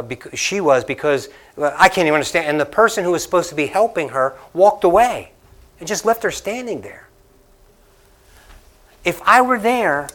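A man's voice: a little high, fairly bright tone. A man from the Northeastern United States preaching a sermon to a church congregation, telling stories casually, repeating lines for emphasis and moving into a closing prayer. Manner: conversational storytelling preacher who laughs and repeats lines for emphasis. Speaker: pastor. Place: church sanctuary.

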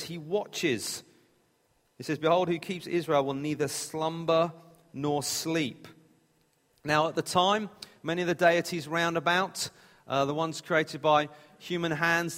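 A man preaches a sermon in a plain, conversational manner, his voice a little high and fairly bright, sometimes restarting phrases. The recording sits in a reverberant hall.

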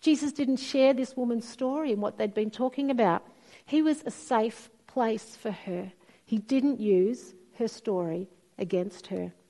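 In a slightly high voice and at a measured pace, a middle-aged woman preaches, weaving in expressive stories. When she quotes someone, she acts the voice out.

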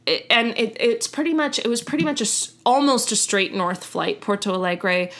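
A woman's voice: medium pitch, moderate pace, fairly bright tone. Chatty young woman telling a story. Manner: chatty, self-correcting, laughs at own slips. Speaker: podcast host. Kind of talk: casual storytelling chat.

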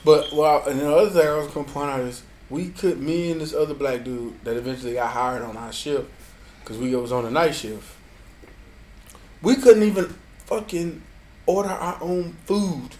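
Animated, profane male storyteller. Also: on the high side, normal speed. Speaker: podcast co-host. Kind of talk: casual storytelling chat.

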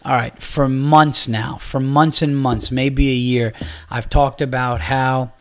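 A man hosting his own podcast, telling a story in a casual, animated way, swearing often and breaking into laughter. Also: mid-range voice, slow pace. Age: adult, began comedy around 2003. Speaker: podcast host.

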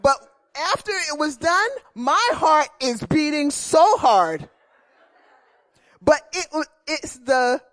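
Animated woman preaching a slow sermon. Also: high-pitched. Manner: animated storytelling, repeats key phrases. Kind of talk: sermon with personal testimony.

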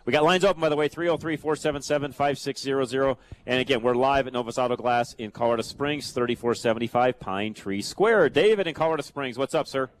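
A man's voice: mid-range voice, fast, few pauses, slight background noise. A man hosting a live radio show on location, chatty and upbeat, repeating callers' details back. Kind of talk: live remote radio broadcast.

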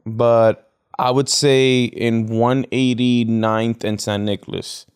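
A young man, a podcast guest, tells stories in a relaxed way and laughs along. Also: mid-range voice, slow, clean tone. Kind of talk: casual chat.

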